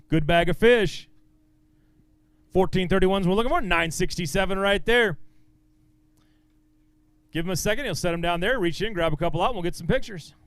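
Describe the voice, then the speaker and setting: At a fishing tournament weigh-in, a man with a high, clear, smooth voice announces anglers and their weights live. He's upbeat and encouraging, bantering quickly with each angler on stage, and the sound is close and dry.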